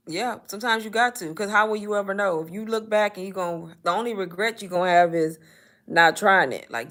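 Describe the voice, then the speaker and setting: A woman talking loosely on a live stream. Her voice is bright and forward. She chats in an animated way and turns to answer viewers' comments. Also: mid-range voice, a little fast. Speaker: host of a live Q&A on online business.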